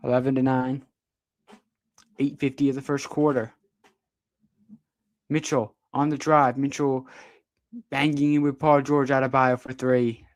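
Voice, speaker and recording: A young man doing amateur play-by-play commentary on a livestream, excitable, with sudden jumps in pitch on big plays. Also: unhurried, long pauses, no room sound.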